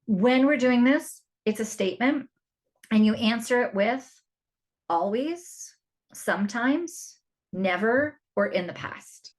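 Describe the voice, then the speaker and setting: A woman's voice: a little high, animated, slow. A middle-aged woman hosting a solo parenting podcast, chatty and confiding, often restarting her sentences. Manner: chatty, warm-hearted and confiding, with frequent restarts. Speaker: podcast host and parent coach.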